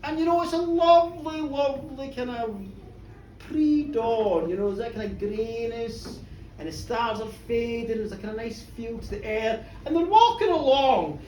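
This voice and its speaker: A woman storyteller at a live pub show, chatty and lively, often checking in with her listeners. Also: on the high side, normal speed, a little hiss or hum. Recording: roomy pub from far off.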